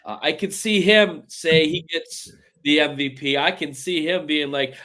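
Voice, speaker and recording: A man's voice: on the high side, unhurried, pushed and bright. A man co-hosting a sports betting podcast, talking casually in a rambling, jokey way with many restarts. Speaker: podcast co-host.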